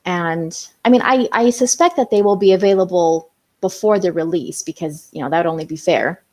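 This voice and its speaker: A woman's voice: fairly low pitch, brisk, darkish tone. Chatty young woman hosting a live stream. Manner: chatty, reads out viewer comments, many fillers. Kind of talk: casual live stream chat.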